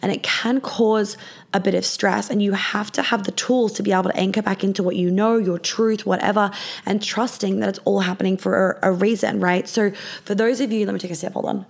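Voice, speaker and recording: A woman's voice: mid-range voice, steady tone, fairly quick, creaky. A young adult woman hosting her own podcast from her apartment, chatting casually, swearing often, with many fillers. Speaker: podcast host and business coach.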